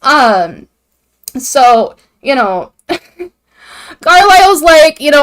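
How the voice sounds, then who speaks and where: Young woman, high voice, comedic recap, irreverent, profane, acts out characters' lines. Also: very animated, drawn-out words, pauses often, a bit bright. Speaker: video host.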